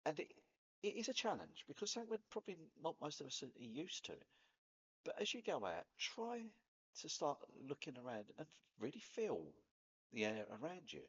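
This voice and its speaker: A man's voice: on the high side, sing-song, normal speed, fairly bright tone, slightly rough, lo-fi sound. A man with a Cockney accent talking casually to camera, chatty and rambling, laughing at himself now and then. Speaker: vlogger. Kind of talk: casual spoken talk to camera.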